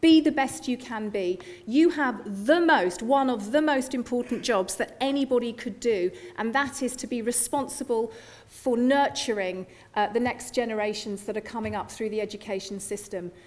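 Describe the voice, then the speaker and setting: A woman's voice: fairly high pitch, normal speed. A middle-aged woman, a university chancellor giving a playful, joking graduation address through a lectern microphone in a large hall. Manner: playful, joking, warm to the audience.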